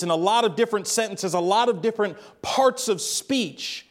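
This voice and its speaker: A man preaching a sermon, stretching out quoted phrases and now and then raising his voice for emphasis. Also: very high voice. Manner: emphatic, drawn-out quotes with bursts of raised voice.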